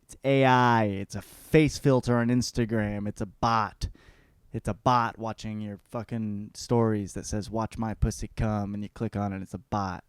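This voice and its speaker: A man's voice: lowish voice, normal speed, clean tone, no room sound, clean studio sound. A male podcast host giving a profane, rambling comedic book report. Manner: profane, rambling, animated riffing.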